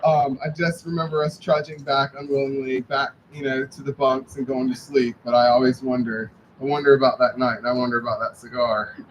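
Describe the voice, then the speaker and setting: A man gives a eulogy for his father at a memorial service venue, sharing family stories with warm, lightly humorous storytelling. His medium-pitched voice is flat in delivery, fairly quick, with few pauses, against a noisy background.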